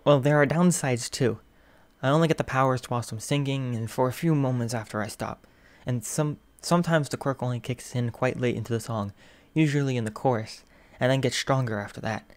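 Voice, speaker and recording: A man's voice: mid-range voice, close to an everyday voice. Brief: a man playing a timid, jittery teenage boy who stumbles over words, fan fiction audiobook. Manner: nervous, apologetic, stammering. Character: shy anxious teenage boy who stammers.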